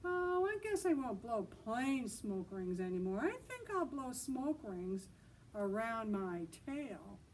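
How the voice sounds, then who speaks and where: A woman's voice: mid-range voice, lively intonation, moderate pace, hardly any pauses, darkish tone, a little hiss or hum, lightly acted. A woman voicing a young, boastful, lonely male dragon in a children's storytime reading, eager and pleading. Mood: scheming.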